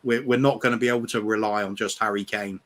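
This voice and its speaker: A man's voice: on the low side, steady tone, fast talker. A man as a guest in a casual fan chat, talking hesitantly and repeating his words.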